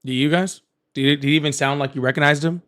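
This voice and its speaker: A man hosting a live political call-in stream, excitable and chatty, laughing often and thanking viewers at length. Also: on the high side, quick pace. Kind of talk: casual live-stream chat.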